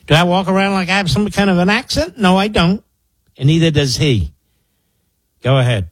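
A man's voice: high-pitched, animated, moderate pace, slightly rough, no echo, low-quality recording. A man in his sixties from the Philadelphia area, hosting political talk radio in a sarcastic, mocking, emphatic way. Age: 60s. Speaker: radio talk show host.

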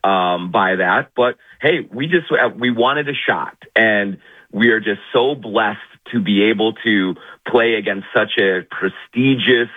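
A man calling in to a sports radio show, bantering in a mock-humble, sarcastic way. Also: lowish voice. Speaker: phone-in guest. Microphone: phone. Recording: phone line.

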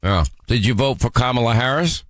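A male talk radio host with a middle-pitched voice, firing questions at a caller. He is brusque and mocking. The sound is dry and close, with no room around it. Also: a little fast, no room sound. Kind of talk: combative call-in radio talk.

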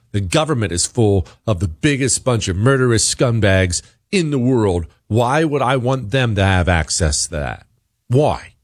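Combative talk radio man, lively pitch. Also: no echo, clean studio sound. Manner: combative, rhetorical questions, emphatic. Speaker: radio talk show host. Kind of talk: opinionated talk radio monologue and host-read ad.

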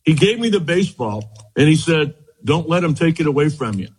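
Husky older man telling stories. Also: fairly high pitch, a little fast. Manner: animated storyteller, acts out quoted dialogue. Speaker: former pitcher, guest. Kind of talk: storytelling interview.

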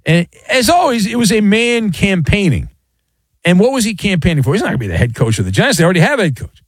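A man hosting a sports talk radio show, riffing sarcastically in a jokey, animated monologue. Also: high voice, fast talker, slightly rough, no echo.

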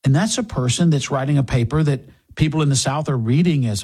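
A man's voice: mid-range voice, fairly quick, darkish tone, breathy edge. A man hosting a talk radio show, delivering an emphatic, sarcastic monologue and a live sponsor read. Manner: emphatic, sarcastic, rising to indignant peaks.

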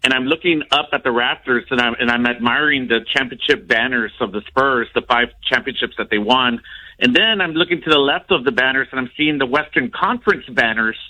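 Bright-voiced, halting male caller. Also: mid-range voice, rough recording. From San Antonio area, United States. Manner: halting, repeats words while explaining. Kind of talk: casual call-in chat.

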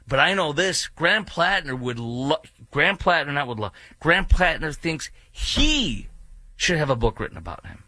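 A man's voice: a little high, lively intonation, normal speed, sharp tone, no echo. A man hosting a talk radio show, ranting indignantly with sarcastic asides. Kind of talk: opinionated radio commentary.

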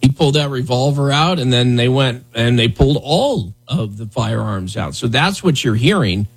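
A man's voice: mid-range voice, expressive, normal speed, husky. A man hosting a morning radio show, talking casually and sarcastically with lots of fillers. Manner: loose, sarcastic, rambling with fillers. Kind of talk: casual talk radio commentary.

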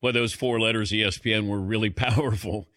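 A man's voice: fairly low pitch, steady tone, a bit bright, no room sound, studio quality. A man hosting a sports radio talk show, easygoing and jokey. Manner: easygoing, jokey, quick to laugh. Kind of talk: casual sports radio chat.

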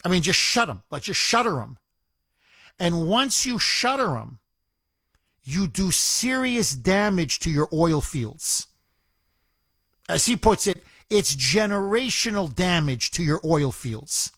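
A man's voice: high-pitched, very animated, slow, a bit bright, breathy edge, dry recording. A man hosting a call-in radio show, talking emphatically and repeating words and phrases to drive his point home. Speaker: talk radio host. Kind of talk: opinionated call-in radio talk.

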